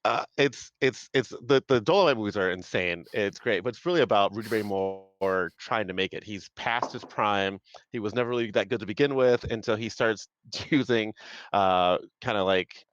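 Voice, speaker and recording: A man's voice: fairly low pitch, moderate pace, dry recording, lo-fi sound. A man on a panel, rambling enthusiastically about movies in casual chat, full of fillers, over a video call.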